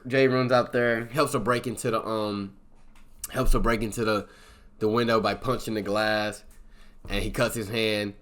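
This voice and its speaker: Low-voiced man rambling through a film recap. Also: level tone, moderate pace, fairly bright tone. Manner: rambling, with filler words like boom and yada yada. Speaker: movie reviewer. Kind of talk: casual plot recap.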